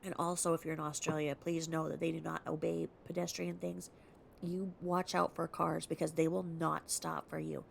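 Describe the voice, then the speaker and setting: Gravel-voiced American woman rambling casually. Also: low voice, level tone, moderate pace, a little hiss or hum. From United States. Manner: chatty, rambling asides, slips into whispers. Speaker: reader and video host. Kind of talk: casual commentary between readings.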